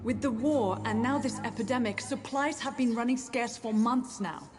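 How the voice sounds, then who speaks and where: Woman playing a worried hospital nurse, somewhat high voice, brisk and urgent, game music behind. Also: natural voice.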